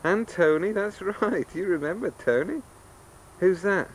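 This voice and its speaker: Dad coaxing a toddler on camcorder. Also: male voice, high-pitched, measured pace, a little hiss or hum, poor audio. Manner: coaxing, teasing, animated. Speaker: father filming a home video. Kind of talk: playful talk to a toddler. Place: family home. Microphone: camcorder microphone.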